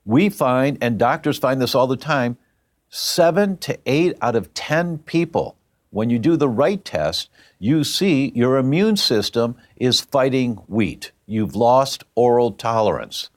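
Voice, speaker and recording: A man's voice: medium pitch, expressive, a little slow. A man telling a personal story as a guest, emphatic and plain-spoken.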